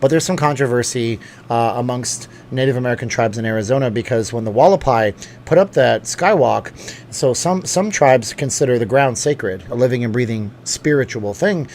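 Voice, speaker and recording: Man, live stream host, casual chat, rambling, filler-heavy, mid pitch, faint background hiss. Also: darkish tone. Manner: chatty and rambling, with many fillers and self-corrections. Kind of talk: casual live chat, reading viewer comments.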